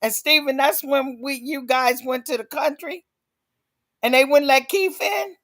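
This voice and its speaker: A woman's voice: high voice, measured pace, fairly bright tone. A woman on a video call sharing family memories and prompting her brother to tell a story. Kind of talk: casual conversation.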